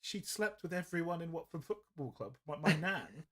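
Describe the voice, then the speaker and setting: Chatty man, fairly high voice. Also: sing-song, moderate pace, a bit bright. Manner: rambling storyteller, laughs often. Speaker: host of a painting livestream. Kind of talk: casual chat. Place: indoors at painting desk.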